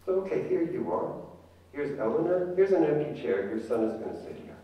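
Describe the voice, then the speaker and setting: A man's voice: on the high side, very animated, a little fast, lo-fi sound. A man giving a conference talk as a family therapist, engaging the audience with questions. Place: conference hall. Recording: echoey hall from far off.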